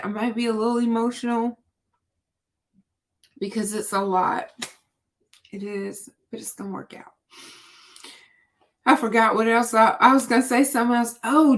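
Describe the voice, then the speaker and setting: A woman in her forties hosting a casual live stream, rambling and thinking aloud with plenty of fillers, recorded on a computer mic. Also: on the high side. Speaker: livestream host. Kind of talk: casual livestream chat.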